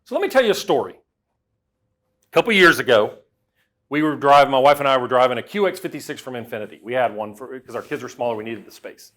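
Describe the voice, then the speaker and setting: A middle-aged man giving a lively storytelling talk, swinging from loud to quiet as he acts out the voices he quotes. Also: mid-range voice, a little fast. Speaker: speaker.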